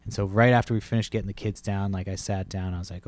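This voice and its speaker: A man's voice: sits low, flat delivery, brisk, few pauses, darkish tone. A man in his thirties from Massachusetts with a chest cold, hosting a podcast and telling a rambling, profane story in casual chat. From Massachusetts, USA. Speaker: podcast host.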